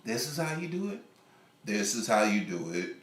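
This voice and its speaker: A man's voice: lowish voice, very animated, normal speed, echoey room. A man voicing a hot-tempered young male singer who talks in a frantic, whiny way and slides into crooning.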